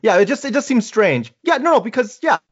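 A man's voice: very high voice, sing-song, brisk, husky, dull audio. A man co-hosting a podcast in casual chat, rambling and correcting himself as he retells a film plot. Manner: rambling, self-correcting storyteller. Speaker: podcast co-host.

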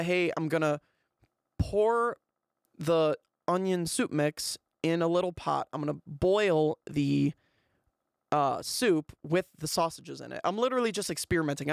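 A young man hosting a podcast, telling a rambling, animated story in a casual way. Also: on the high side, normal speed, creaky, smooth, no room sound, clean studio sound. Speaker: podcast host.

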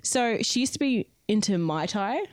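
A woman's voice: medium pitch, animated, moderate pace, no echo, studio quality. A woman co-hosting a podcast, recounting a story in casual chat full of fillers. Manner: chatty, many fillers, recounting events. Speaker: podcast co-host. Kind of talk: casual true-crime storytelling.

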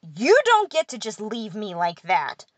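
A woman's voice: mid-range voice, big pitch swings, moderate pace, dry recording. A woman voicing a small, hot-tempered male pixie who scolds and curses. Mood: furious. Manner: angry, scolding, cursing.

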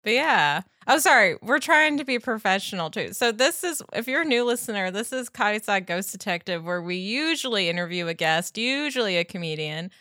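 A woman's voice: medium pitch, sing-song, a little fast, few pauses, pushed and bright, dry recording, clean studio sound. A woman hosting a podcast in casual chat, talking animatedly and laughing often. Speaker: podcast host.

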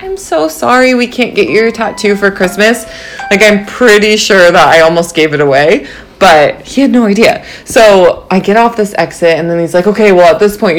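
A young woman in her twenties, casually telling a story to her viewers in a bubbly, animated way, full of fillers like "like" and "um". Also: fairly low pitch. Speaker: vlogger.

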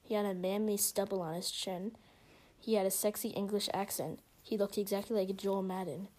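A woman's voice: medium pitch, steady tone, moderate pace, dark tone. A woman reading a story aloud in a mocking, whispery, giggly way.

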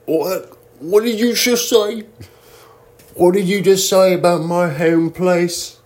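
Man doing an indignant fake british guy, high and loud, strained, nasal. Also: fairly even intonation, takes it slowly. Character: mock angry British man, loud and huffy.

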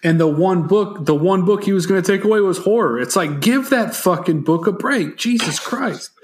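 A man's voice: high voice, animated, moderate pace, breathy edge. A man co-hosting a podcast about a movie, blunt and sarcastic, swearing freely. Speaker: podcast co-host. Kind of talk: casual movie recap chat.

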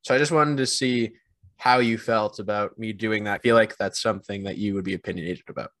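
A man co-hosting a casual podcast, rambling in a self-deprecating way with animated bursts. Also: lowish voice, a little fast, no echo. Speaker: podcast co-host.

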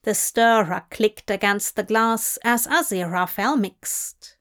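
A woman reading a story aloud in an unhurried, even narration. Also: mid-range voice. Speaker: fanfiction reader. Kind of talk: audiobook narration.

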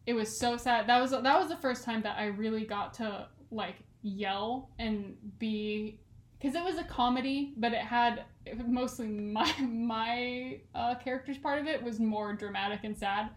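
A woman's voice: fairly high pitch, moderate pace, roomy sound. A young woman in her twenties from California, co-hosting a podcast in a casual, rambling chat full of fillers and laughs. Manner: chatty and rambling, many "like" fillers, laughs often. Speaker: podcast co-host.

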